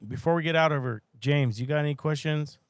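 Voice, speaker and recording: A man hosting a podcast, encouraging and quick to affirm his guests. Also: on the high side, no echo, clean studio sound. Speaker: podcast host.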